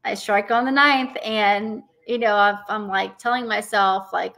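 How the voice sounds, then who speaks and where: A woman's voice: mid-range voice, moderate pace, creaky, few pauses, fairly bright tone. A woman from Arizona, a professional bowler and guest, telling a story in a casual interview and acting out her own thoughts.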